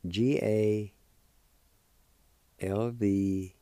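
Gravelly, dark-voiced man, slow syllable-by-syllable pronunciation teacher, dry close sound. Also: on the low side, no room sound. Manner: spells and sounds out words slowly, syllable by syllable. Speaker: language teacher and radio host.

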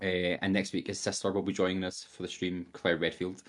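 Young male podcast co-host, casual rambling storyteller, slightly low pitch. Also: level tone, fairly quick. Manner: chatty and rambling, quoting game lines in put-on voices. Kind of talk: casual chat.

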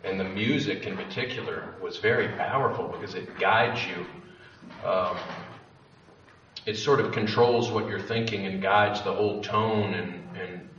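A young man with a fairly low voice tells a candid, rambling story to a live audience, swearing freely and cutting himself off mid-sentence. He sounds far from the mic in a roomy space. The lo-fi recording has faint background noise. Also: unhurried, fairly bright tone. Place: event room with an audience.

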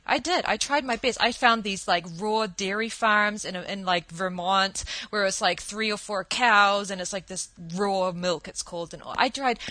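Woman, New Zealand, casual chat host, animated storyteller, bright voice, dry sound. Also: medium pitch, no echo, rough recording. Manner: animated storytelling, many restarts. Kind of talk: casual conversation.

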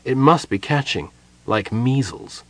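A man voicing an excitable, chatty small male kender in a fantasy audiobook. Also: medium pitch, unhurried, no room sound. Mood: cheerful.

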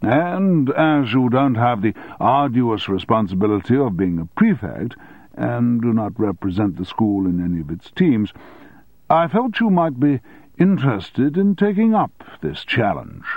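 A long-winded old headmaster, formal and measured, delivers his words with weighty self-importance, as a male narrator reads him. The sound is dry and thin, as if over a phone line. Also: mid-range voice, very animated, dry recording, pitched above the performer's own voice. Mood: pompous.

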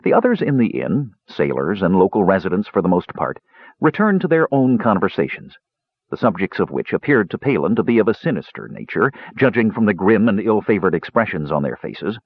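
Male audiobook narrator, low husky voice, expressive and lively, dry muffled sound. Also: fairly quick, no echo. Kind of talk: scripted narration.

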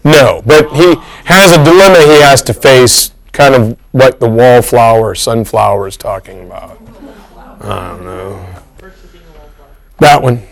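A man's voice: mid-range voice, measured pace, creaky, poor audio. A man teaching a history class in a casual lecture, joking and teasing his students.

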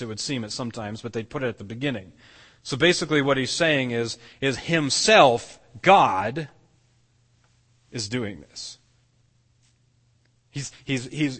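A man's voice: mid-range voice, fairly bright tone, long reverb tail. A man preaching a sermon as pastor, earnest, often restarting and repeating words as he explains. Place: church sanctuary.

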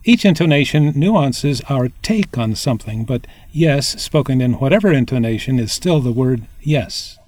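A man narrating a scripted language lesson, explaining clearly and demonstrating tones. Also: medium pitch, animated, normal speed, hardly any pauses, darkish tone, no room sound.

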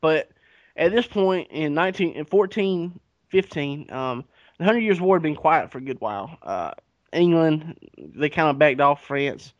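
A man's voice: on the high side, expressive, unhurried, no room sound. A man, casually retelling history on a podcast with profanity and acted-out dialogue. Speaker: podcast co-host. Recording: dull lo-fi recording.

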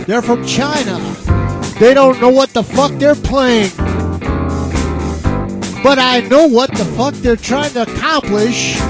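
A man ranting profanely as he comments on music, mocking, and stretching out repeated questions. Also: extremely high pitch. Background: faint guitar playing.

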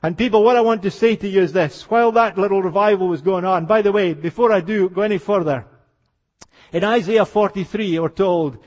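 In a spacious, echoing hall, an elderly preacher's high, ringing voice drives a fairly quick revival sermon, with the recording's high frequencies cut off. His storytelling is passionate, sinking to nearly hushed moments before rising into fervent outbursts.

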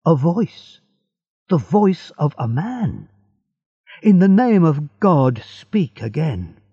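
A man's voice: medium pitch, very animated, slow, vocal fry, husky, no echo, heavily acted. A man voicing a desperate young male prisoner who pleads in a raised voice, on a slightly muffled recording. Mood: pleading.

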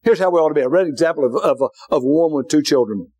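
A man preaching a sermon in a church, dropping to a hush and then rising to shouts, with folksy asides to the congregation. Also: a little high, racing, husky. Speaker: pastor. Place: church sanctuary.

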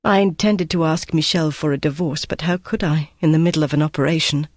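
Weary woman spy, as the narrator puts her on, wry and brisk, dry audiobook sound. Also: medium pitch, steady tone, dry recording, close to an everyday voice. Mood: wistful. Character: tough tired female wartime agent.

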